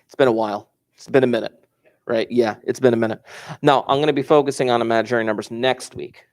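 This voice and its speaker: A man's voice: mid-range voice, steady tone, quick pace. A man teaching a class, explaining step by step and repeating key points, recorded in a classroom. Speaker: math teacher. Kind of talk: classroom lecture.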